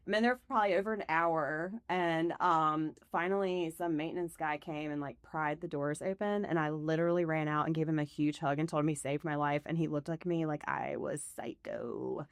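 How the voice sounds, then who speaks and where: Woman podcast guest, low voice, chatty storyteller, dry close mic. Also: moderate pace, no echo. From United States. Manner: chatty, storytelling, laughs often. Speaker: podcast guest, real estate team leader. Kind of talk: casual chat.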